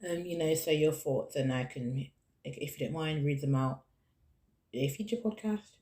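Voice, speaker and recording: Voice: medium pitch, normal speed, a little mellow. A podcast host talking alone, earnest and encouraging, who keeps repeating the key phrases to stress a point. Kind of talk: solo podcast monologue.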